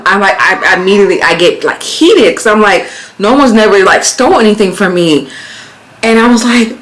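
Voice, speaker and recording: An American woman in her thirties, a vlogger casually telling a story, growing heated and animated as she retells it. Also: medium pitch, a little fast, low-quality recording. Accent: American, Las Vegas. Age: 30s. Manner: animated, swearing, rising to exclaim in quoted retellings.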